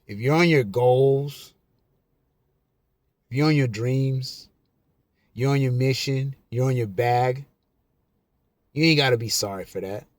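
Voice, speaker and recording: A man vlogger giving a casual, emphatic monologue to camera, slowing down and repeating his key lines. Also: mid-range voice, no room sound. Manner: slow, repetitive, emphatic.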